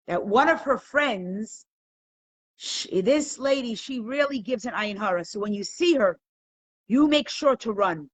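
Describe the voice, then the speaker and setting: A middle-aged woman teaching a live online Torah class, telling stories with animated laughter. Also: medium pitch.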